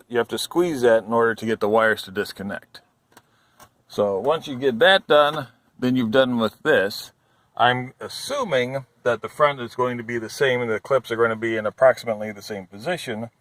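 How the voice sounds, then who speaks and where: A man's voice: medium pitch, moderate pace, no room sound, poor audio. A man talking through a car repair as he works, thinking aloud, hesitant and careful with his warnings, recording from inside the car. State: out of breath. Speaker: DIY car repair vlogger. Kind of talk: casual how-to narration while working.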